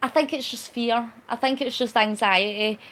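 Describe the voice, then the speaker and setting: A woman's voice: on the high side, fairly even intonation, moderate pace, fairly bright tone. A woman chatting casually on a live stream, reading out viewer comments in a cheeky, talkative way with frequent laughs. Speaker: vlogger.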